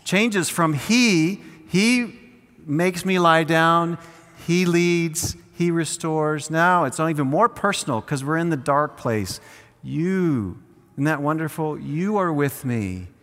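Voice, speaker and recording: A male pastor preaches slowly and deliberately, with a bright, forceful tone and a fairly high voice. He has the congregation repeat scripture lines back to him. His voice rings through a church sanctuary with a long reverb tail. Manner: leads the congregation in call-and-response scripture reading; unhurried, with slow drawn-out emphasis. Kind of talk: sermon.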